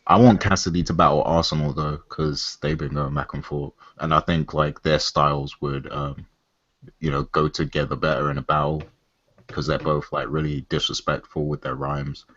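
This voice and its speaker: Very deep, flat-voiced male co-host. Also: no echo, muffled recording. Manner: measured, hesitant, many pauses. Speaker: podcast co-host. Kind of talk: casual hip hop podcast chat.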